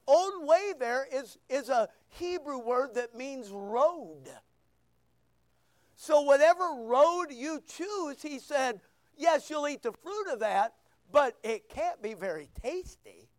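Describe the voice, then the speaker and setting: A man's voice: very high voice, takes it slowly, no echo, studio quality. A man preaching a sermon, reading scripture and acting out voices as he goes. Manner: animated preaching, acts out quoted voices. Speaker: pastor.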